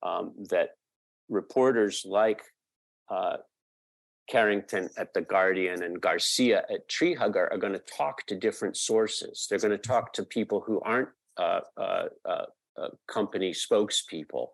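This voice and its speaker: A man being interviewed as a guest, explaining a point at length with frequent pauses and fillers. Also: on the low side, vocal fry, no echo. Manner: thoughtful, halting with many fillers. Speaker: podcast guest, media researcher.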